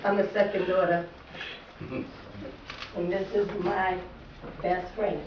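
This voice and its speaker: A woman's voice: fairly low pitch, level tone, slow. A woman speaking at a funeral, plain and heartfelt. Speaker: daughter giving a eulogy. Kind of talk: emotional funeral speech. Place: funeral gathering indoors. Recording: distant, roomy, muffled and noisy.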